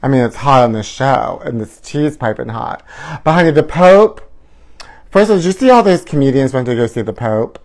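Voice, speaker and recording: A man's voice: medium pitch, lively intonation, brisk, a little mellow. A man hosting a live gossip show, flamboyant and sing-song, calling his viewers honey. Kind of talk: campy live-stream gossip chat.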